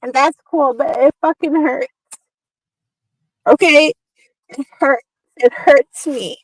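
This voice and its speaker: Woman guest on a livestream, high voice, dry close sound, pleading and repetitive. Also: takes it slowly, no echo, rough recording. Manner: pleading, repeats herself. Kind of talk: heated livestream argument.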